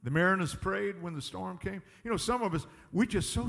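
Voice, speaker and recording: A man's voice: high voice, brisk, creaky, a bit bright, long reverb tail. A man preaching a sermon in a folksy, emphatic way, often chuckling at his own points. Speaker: pastor.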